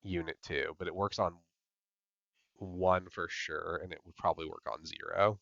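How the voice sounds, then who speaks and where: Low-voiced casual male podcast host. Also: steady tone, moderate pace, creaky, fairly bright tone, dry recording, dull audio. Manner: filler-heavy, repeats "yep" and "like". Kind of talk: casual recap chat.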